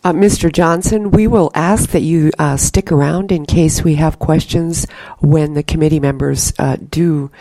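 A woman chairing a legislative committee hearing, speaking in a polite, formal, somewhat halting way. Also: deep voice, steady tone, warm tone, no room sound.

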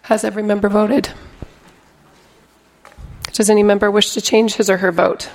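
A woman chairing a legislative committee, calling votes in a calm, deliberate procedural manner. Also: mid-range voice. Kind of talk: formal parliamentary procedure.

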